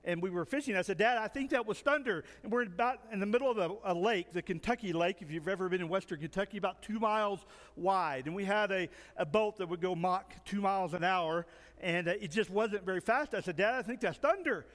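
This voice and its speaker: High-voiced man preaching in a reverberant hall. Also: a little fast, a bit bright. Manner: storytelling, acts out dialogue. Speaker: pastor. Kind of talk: sermon with an interpreter. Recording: long reverb in a large hall.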